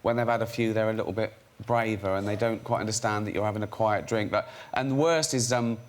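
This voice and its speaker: A man's voice: on the low side, quick pace. A British man on a chat show, chatting through a story and acting out the fans he quotes. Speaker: comedian guest. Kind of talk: comic anecdote on a chat show. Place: TV studio with audience.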